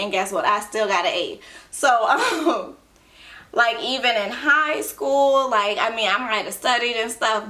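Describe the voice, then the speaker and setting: A woman's voice: medium pitch, bright, forceful tone. A woman, a nurse talking in a casual personal vlog from a room at home, chatty and loose with lots of fillers. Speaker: ER nurse and beauty blogger.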